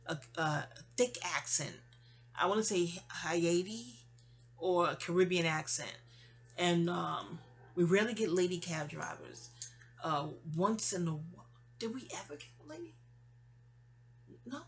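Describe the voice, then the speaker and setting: A woman's voice: on the low side, a little hiss or hum. A woman hosting her own channel, venting in a casual, rambling monologue full of restarts and trailing asides. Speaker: channel host.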